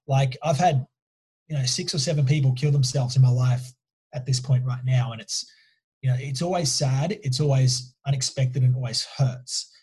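Husky-voiced man telling a story. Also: mid-range voice, normal speed, darkish tone. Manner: emphatic, keeps checking in with "right?". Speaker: guest, mindset coach. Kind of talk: casual storytelling interview.

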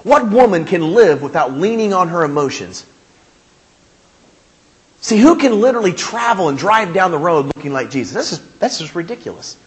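A male pastor preaching a sermon, animated and emphatic, with humor and rhetorical questions. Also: high voice, normal speed.

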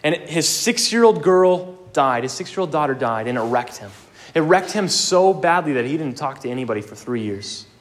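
A man's voice: on the high side, lively intonation, moderate pace. A young man preaching a sermon, earnest and emphatic, with casual asides.

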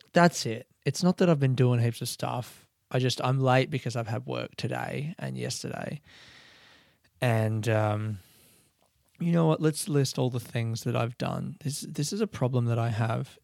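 Soft-spoken man with a gravelly voice. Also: medium pitch, no echo, studio quality. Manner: talking softly and quietly, rambling. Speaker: comedian podcast host. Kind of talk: casual solo podcast chat. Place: own house, late at night.

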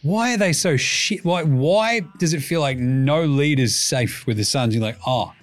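A man's voice: fairly high pitch, moderate pace. A man with an Australian accent hosting a casual basketball podcast, rambling, swearing and joking. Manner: profane, rambling, jokey. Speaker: podcast host. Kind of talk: casual sports commentary.

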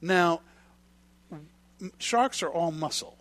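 A man co-hosting a podcast, telling stories in a relaxed, chatty way. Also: on the high side, slow pace, dry recording. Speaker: podcast co-host. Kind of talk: casual chat.

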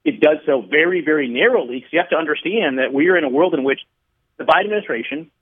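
A man's voice: a little high, breathy edge. Man explaining policy over a tinny phone line. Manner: measured, explanatory, tells stories to make points. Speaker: radio guest, regulatory commissioner. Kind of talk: phone-in radio interview.

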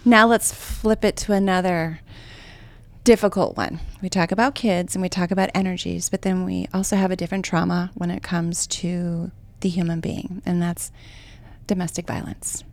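A woman hosting an interview, asking soft-spoken, encouraging questions. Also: lowish voice, steady tone, normal speed. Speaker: host.

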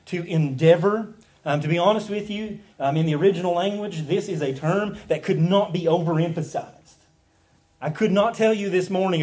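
A man's voice: on the high side, a little mellow. A man preaching a sermon as a pastor, earnest and emphatic, with frequent fillers and restarts.

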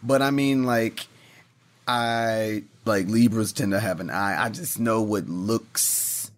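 A man who manages a brand, chatting casually and telling stories with lively quoted voices. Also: lowish voice, slow. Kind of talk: casual chat.

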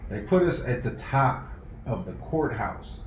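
A man telling a story in loose, profane podcast chat, jumping into loud voices for what people said. The room is echoey. A faint hiss sits under him. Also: mid-range voice, measured pace. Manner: animated, profane, acts out quoted lines loudly. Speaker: podcast co-host. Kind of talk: casual group chat, storytelling.

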